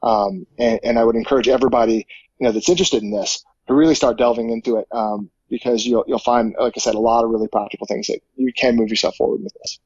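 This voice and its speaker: A man's voice: mid-range voice, steady tone, fast, darkish tone, husky, dry recording, dull audio. A man, a professor and firefighter, answering interview questions in a casual, thoughtful way with many fillers and restarts. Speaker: psychology professor and firefighter guest.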